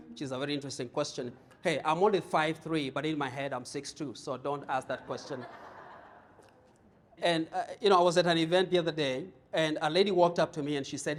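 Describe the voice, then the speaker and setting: Kenyan guy doing a leadership keynote, playful storyteller, stumbles on repeated words, fairly high voice. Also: a little fast. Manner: storytelling, jokey, repeats words when starting. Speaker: keynote speaker. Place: conference room with audience.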